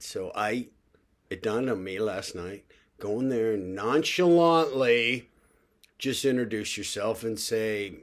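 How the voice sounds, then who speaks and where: A man's voice: on the low side, unhurried. An older man talking in a casual, rambling vlog monologue, full of fillers and asides. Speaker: vlogger.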